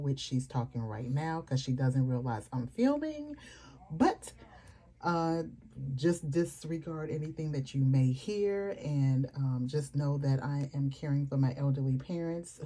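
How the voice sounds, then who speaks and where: A woman's voice: low-pitched, warm tone. A woman vlogger chatting casually at home, rambling with fillers and asides about her planners. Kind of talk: casual chat to camera.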